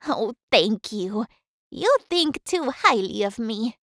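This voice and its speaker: A woman's voice: on the high side, very animated, slow, a bit bright, no room sound, clean studio sound, full character voice. A woman voicing a humble, talkative housekeeper in a game, speaking reflectively about her life. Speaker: housekeeper of a manor. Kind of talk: game voice acting.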